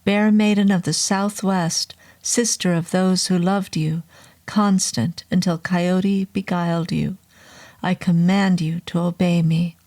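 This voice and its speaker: A woman voicing a calm, commanding male medicine man who speaks low, steady and urgent. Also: slow pace.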